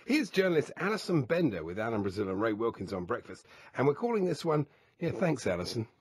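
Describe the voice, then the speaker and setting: A giggly radio co-host with a very raspy, dry voice that swoops up and down. He sets up each clip with playful mischief, recorded close and dead. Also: medium pitch, very animated, fast talker, a little mellow, dry recording. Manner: giggly, introduces the clips. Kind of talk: jokey sports radio banter.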